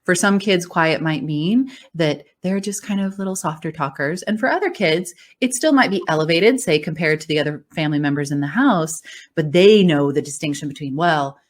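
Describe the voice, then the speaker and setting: A woman speaking as a voice coach, her voice sitting a little low for a woman. She explains things in an encouraging, conversational way and laughs easily along the way. The tone stays friendly and instructive. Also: a little fast. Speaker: voice coach and speech-language pathologist. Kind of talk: conversational interview.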